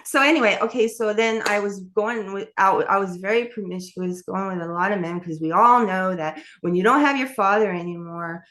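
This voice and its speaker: A woman's voice: mid-range voice, moderate pace, hardly any pauses, fairly bright tone. A woman telling her life story in an interview, candid and rambling, with many fillers and restarts. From New York. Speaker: author and interview guest.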